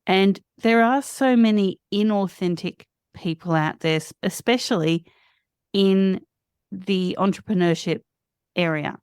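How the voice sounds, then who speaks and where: A woman's voice: medium pitch, unhurried, a little mellow, smooth, no echo, studio quality. A woman hosting a podcast, asking her guest thoughtful questions with some hesitation. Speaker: podcast host. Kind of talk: interview questions.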